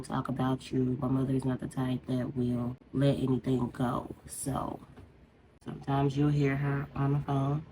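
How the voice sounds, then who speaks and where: A woman with a strikingly low, deep voice vents in a loose, rambling way as she does her makeup on camera. Her talk is conversational and heartfelt, with steady room noise audible underneath. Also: rough recording. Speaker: beauty vlogger. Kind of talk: casual venting while doing makeup.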